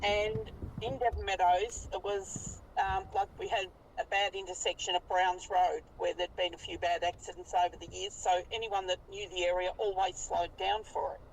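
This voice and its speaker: A woman in her fifties with an Australian accent, telling a story in an animated, colloquial way and swearing freely. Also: on the low side, moderate pace, hardly any pauses, far from the mic, slight background noise, low-quality recording. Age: 50s. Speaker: interviewee recounting a sighting. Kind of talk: casual storytelling interview.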